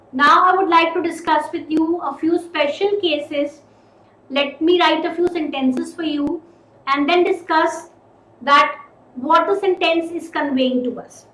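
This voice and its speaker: Lady teacher, goes over key words slow and stressed, roomy echo. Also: high voice, a bit bright. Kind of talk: recorded grammar lesson.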